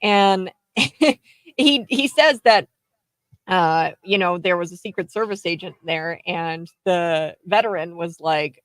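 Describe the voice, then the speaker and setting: A woman hosting a casual political chat, telling stories in an animated way and laughing easily. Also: fairly low pitch, takes it slowly, no echo. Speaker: host.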